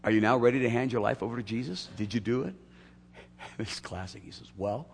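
A man preaching a sermon to his church, swinging from loud emphatic peaks to quiet asides. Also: mid-range voice, a little fast, vocal fry, a little hiss or hum. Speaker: pastor. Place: church sanctuary. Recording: long hall reverb.

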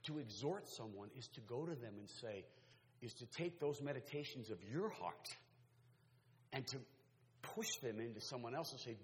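A man's voice: medium pitch, lively intonation, a little fast. Fervent male preacher in a reverberant hall. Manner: swings from soft, intimate talk to loud, fervent exhortation. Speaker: pastor. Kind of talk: sermon.

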